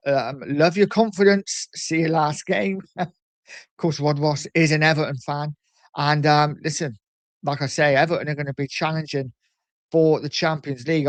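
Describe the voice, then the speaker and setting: A man hosting a casual livestream, reading out viewer comments in a chatty, animated way with frequent ums. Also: a little high, no room sound. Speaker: livestream host reading chat. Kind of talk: casual live chat.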